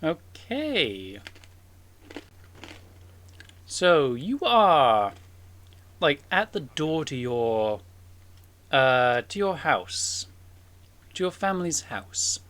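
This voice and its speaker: A game master narrating a tabletop role-playing game, pausing often with fillers. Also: mid-range voice, big pitch swings, a bit bright. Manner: halting, many fillers.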